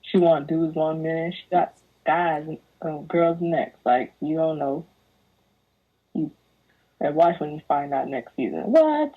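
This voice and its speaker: Young woman podcast guest, lower husky voice, lively mocking rants over a thin tinny line. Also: measured pace. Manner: animated ranting, mocking put-on voices. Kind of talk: casual podcast chat. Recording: tinny phone-like audio.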